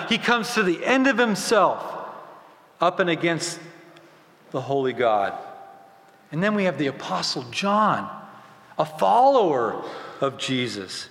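A man preaching a sermon as pastor, swinging from loud emphasis to hushed, quiet lines. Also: on the high side, very animated, measured pace, pauses often. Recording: echoey hall with long reverb.

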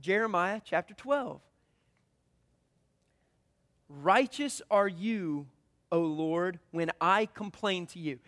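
Very high-voiced man preaching. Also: slow. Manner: earnest, conversational preaching with expressive read-aloud prayers. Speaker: pastor. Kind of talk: sermon.

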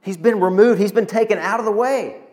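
A man, preaching a sermon and telling stories with animated, emotional delivery. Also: high voice, a little fast. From Arkansas, USA. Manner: animated storytelling preacher, emotional, calls to the congregation. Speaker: pastor.

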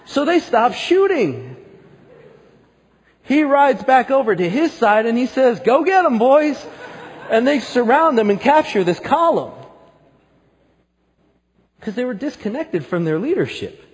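A man preaching a sermon, telling a story that builds to loud, emphatic peaks. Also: very high voice, sing-song, a little slow, long pauses, long reverb tail, a faint crowd. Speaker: pastor.

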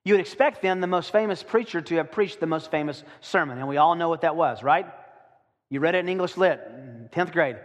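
A man preaching a sermon to his congregation, with dramatic slowdowns when he reads aloud. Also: on the high side, long reverb tail. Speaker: pastor.

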